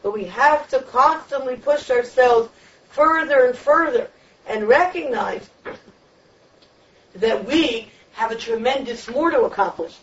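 A woman's voice: a little high, measured pace. A woman teaching a Torah lecture on the weekly portion in an emphatic, repetitive preaching cadence. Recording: distant, dull lo-fi room recording.

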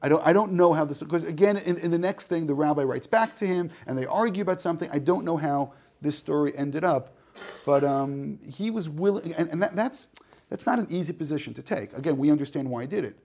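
A man's voice: fairly high pitch, fairly quick, darkish tone. A man teaching a class, reading a text aloud, translating it line by line and joking with the students. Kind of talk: classroom lecture.

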